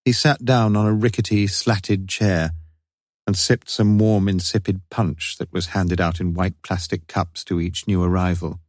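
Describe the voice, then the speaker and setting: A male narrator reads a classic mystery audiobook in a low, measured voice. His delivery is wry and even, recorded dry and close. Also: dry recording.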